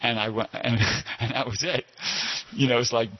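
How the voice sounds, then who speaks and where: This older man's voice is medium in pitch, with fairly even intonation and a moderate pace. At a temple class he rambles through a personal anecdote, drifting into digressions and repeatedly going back to fix details. The informal story is heard through dull, lo-fi audio.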